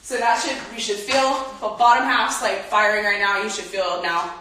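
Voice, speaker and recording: A woman's voice: mid-range voice, steady tone, normal speed, sharp tone. A young woman leading a casual home workout, chatty and out of breath as she exercises while talking. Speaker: workout instructor. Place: home room. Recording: very echoey room, from a distance.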